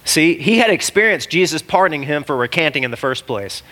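A man delivers a sermon with a voice set somewhat high for a man. His tone is bright and forceful. He preaches in an animated way, shouting out one moment and dropping to a near hush the next. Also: brisk. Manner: animated, exclamatory preaching that swings from loud to hushed. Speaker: pastor.

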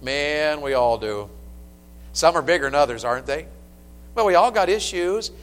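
Middle-aged guy preaching, kinda high voice, gets loud then goes quiet, big echoey church sound. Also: expressive, normal speed. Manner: emphatic, storytelling, swings from loud to hushed. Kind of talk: sermon. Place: church sanctuary.

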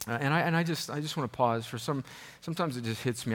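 A middle-aged man leads his congregation in a loose, conversational sermon. He fills his sentences with ums and restarts and pokes fun at himself, at an everyday male pitch. In prayer he grows quiet and earnest. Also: fast. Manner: conversational, self-deprecating, many fillers and restarts; turns soft and earnest in prayer. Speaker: pastor.

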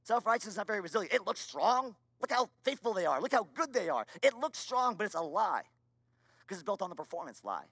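Male pastor, sermon, high voice, dry close sound, earnest, emphatic repetition. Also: big pitch swings, fast talker, a bit bright, dry recording. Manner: earnest, emphatic preaching with repeated phrases. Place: church.

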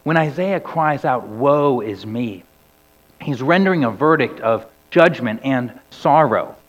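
A man preaching a sermon. His delivery sinks low and soft on key words and climbs to loud cries when he quotes scripture. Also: normal speed. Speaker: pastor. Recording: dull recording with long hall reverb.

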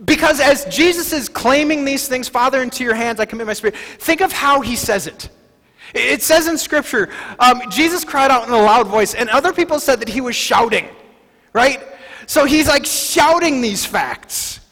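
High-voiced preacher in an echoing hall. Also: male voice, expressive, normal speed. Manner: swings from soft and low to loud, shouting declarations. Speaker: pastor. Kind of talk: sermon.

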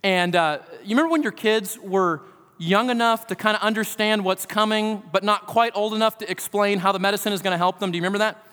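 A man's voice: high voice, fast, a bit bright, clean tone. A middle-aged pastor preaching a sermon, earnest and asking his listeners direct questions. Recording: long reverb of a large hall.

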